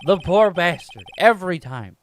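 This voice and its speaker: A man's voice: sits high, animated, normal speed, voice pushed down. A man voicing an earnest young rookie defense lawyer, narrating his first case matter-of-factly. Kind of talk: game narration read aloud.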